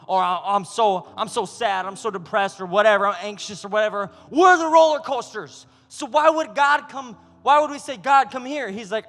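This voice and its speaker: A man preaching a sermon as a youth pastor, animated and acting out voices of God and people. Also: high-pitched, normal speed, few pauses, big-room sound.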